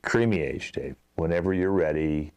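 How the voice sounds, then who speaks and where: A man with a very low voice plays an exasperated commercial director in an improv scene. He rambles through his notes with lots of fillers and sighing asides. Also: moderate pace, a little mellow, clear, resonant tone. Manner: exasperated, talky, many fillers. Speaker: improv show host, playing a commercial director.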